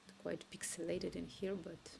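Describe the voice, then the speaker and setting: A woman streaming herself coding, thinking aloud and dictating requests haltingly into a cheap microphone at home. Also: lowish voice, flat delivery, gravelly, background noise.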